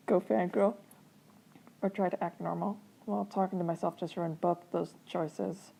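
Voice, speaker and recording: A woman's voice: lowish voice, steady tone, normal speed, creaky, warm tone, slightly rough. A young woman reading fan fiction aloud as a channel host, breaking off into sarcastic, wry commentary on a home mic. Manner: sarcastic, wry asides, laughs at the text.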